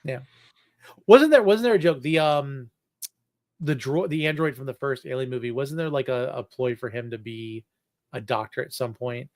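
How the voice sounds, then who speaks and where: A man's voice: medium pitch, moderate pace, dry recording, studio quality. A man in his thirties hosting a casual fan podcast, rambling with many restarts and fillers. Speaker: podcast host. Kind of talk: casual chat.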